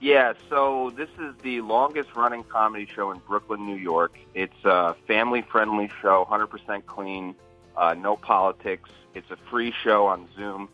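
Comedian guest: man, lowish voice, playful storyteller, dull lo-fi sound. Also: steady tone, moderate pace, faint music behind. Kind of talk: casual storytelling chat.

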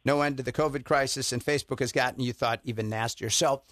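A man's voice: mid-range voice, steady tone, quick pace, a bit bright, no room sound, clean studio sound. A male radio host interviewing a guest in a casual, chatty way.

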